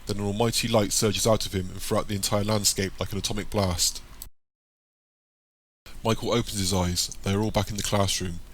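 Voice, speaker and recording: A man narrates an audiobook in a steady, descriptive read. His voice is on the low side yet bright and forward. A faint hiss sits under the recording. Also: fairly quick.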